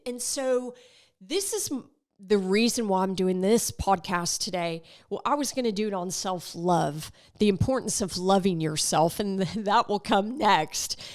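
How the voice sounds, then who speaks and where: A woman hosting a faith podcast, talking casually and animatedly and acting out remembered conversations. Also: medium pitch. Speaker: podcast host.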